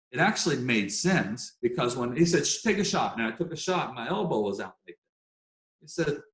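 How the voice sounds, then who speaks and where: A man telling a personal story in an interview, in an animated, emphatic way with casual fillers. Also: mid-range voice. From Pennsylvania, United States. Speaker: guest speaker. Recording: echoey room.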